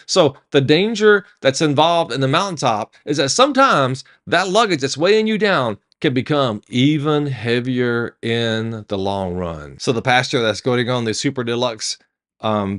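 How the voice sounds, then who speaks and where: A man's voice: medium pitch, expressive, normal speed, fairly bright tone. A man preaching a devotional sermon in an emphatic, storytelling manner.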